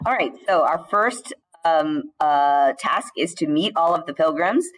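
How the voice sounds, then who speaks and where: A woman teacher giving a recorded slide lecture, explaining in a measured way with the odd filler and restart. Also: sits low, expressive, low-quality recording.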